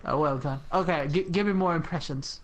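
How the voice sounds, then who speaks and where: Higher-voiced man, dry teasing guest. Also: a little fast, muffled recording, slight background noise. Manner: dry teasing, laughs often. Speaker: podcast guest. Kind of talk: casual chat.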